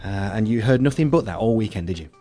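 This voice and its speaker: An English man co-hosts a local radio show in a somewhat low voice, joking and teasing his partner with plenty of uhs. Faint music plays under him. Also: animated, fast talker, warm tone. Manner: joking, teasing, with frequent fillers. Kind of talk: chatty local radio banter.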